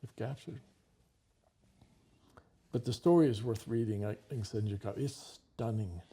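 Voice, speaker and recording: A man's voice: lowish voice, normal speed, dark tone, husky. A man hosting a talk show, telling a story in a vivid conversational way and acting out the dialogue.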